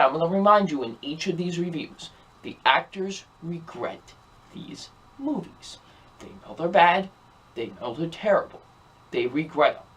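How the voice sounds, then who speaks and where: A man's voice: a little high, a bit bright. Ranting young man reviewing a film. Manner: repetitive, exasperated ranting.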